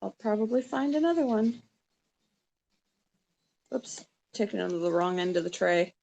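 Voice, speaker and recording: A middle-aged woman chatting casually with viewers while she works on a craft, softly rambling and talking to herself. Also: medium pitch, expressive, normal speed, vocal fry, pauses often, highs cut off. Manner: soft, rambling, talks to herself while working. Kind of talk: casual live-stream chat.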